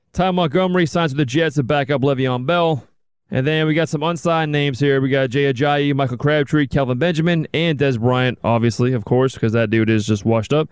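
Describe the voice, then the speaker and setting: A man's voice: medium pitch, smooth, no echo, studio quality. A man hosting a casual sports podcast, reading football news amid crude joking banter. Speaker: podcast host.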